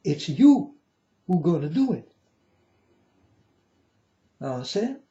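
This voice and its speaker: Here a man with a fairly high, very animated voice speaks slowly and warmly, though the recording has its highs cut off. He is a vlogger giving viewers a preachy, repetitive spiritual monologue that wanders, addressing them as folks in non-standard English.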